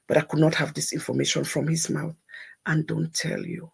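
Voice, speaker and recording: A woman's voice: low-pitched, normal speed, gravelly, darkish tone, husky. A woman telling a personal story on a talk show, emphatic and repeating words for effect.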